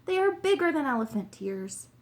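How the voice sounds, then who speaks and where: Woman reader as a confident storybook sleuth, brisk and exclaiming, a touch high. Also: very animated. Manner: brisk, sure of himself, exclaims. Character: clever confident male detective. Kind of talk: storybook reading.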